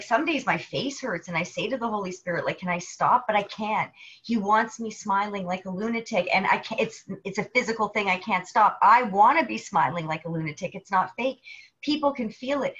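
Female co-host, casual faith talk, chatty and expressive, slightly muffled audio. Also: medium pitch. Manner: animated storyteller, acts out quoted people. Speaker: podcast co-host. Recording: dull lo-fi sound.

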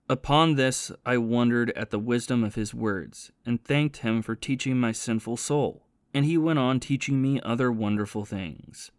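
A man calmly narrating an audiobook of a spiritual classic, in a measured way. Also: medium pitch, dry recording, clean studio sound. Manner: calm, measured reading.

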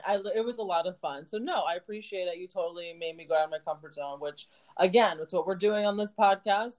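A woman's voice: medium pitch, darkish tone, rough recording. A woman co-hosting a podcast, bantering and teasing her friend with frequent laughs. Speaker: podcast co-host. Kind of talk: casual chat.

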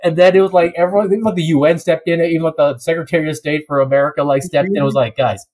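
A young man in casual chat, telling a story with lots of laughs and quick put-on voices. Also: a little high, poor audio. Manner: animated storytelling, laughs often, slips into voices.

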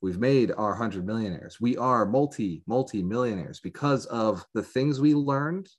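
A man giving a fervent motivational sales pitch to a live audience as a business coach, rallying listeners with repeated emphasis. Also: measured pace, husky.

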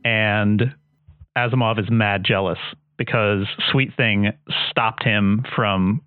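Male podcast co-host, low voice, rambling casual recapper; dry phone-line audio. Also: fairly even intonation, slow, smooth, dry recording. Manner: rambling storyteller with many fillers and restarts. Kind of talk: casual chat. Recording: dry, tinny phone-like sound.

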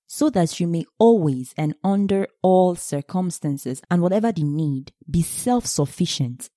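A woman teaching a sermon on scripture, animated, asking her listeners questions and answering them herself. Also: lowish voice, unhurried, few pauses, no echo, studio quality. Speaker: Bible teacher.

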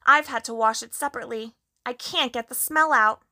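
A woman's voice: on the high side, brisk, sharp tone. A woman voicing a humble, anxious little hedgehog washerwoman in a storybook reading, polite and sing-song. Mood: fussy, polite.

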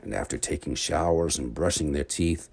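A man narrating a children's bedtime adventure story in an expressive, dramatic read-aloud manner. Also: very deep voice, normal speed, vocal fry, breathy edge.

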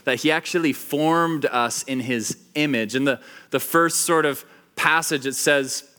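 A man delivers a relaxed sermon to a small gathering, retelling a story with plenty of "like"s and filler words. His voice has a bright, ringing edge, and he jumps into the characters' lines as he quotes them. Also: a little high, a little slow, clean tone. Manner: animated storytelling, acts out quotes, many fillers. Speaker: pastor. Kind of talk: casual sermon to a small group.

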